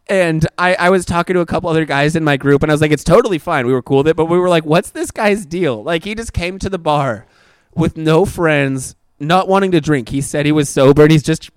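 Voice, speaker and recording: A man's voice: fairly high pitch, clean tone, no echo, studio quality. A young adult man co-hosting a casual comedy podcast, joking and laughing often as he tells stories. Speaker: podcast co-host.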